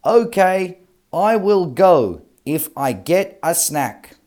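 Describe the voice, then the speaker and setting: A man voicing a rude, greedy, smelly male snob monster in a loud, demanding way. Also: sits high, big pitch swings, takes it slowly, voice pushed up, exaggerated voice. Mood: bossy.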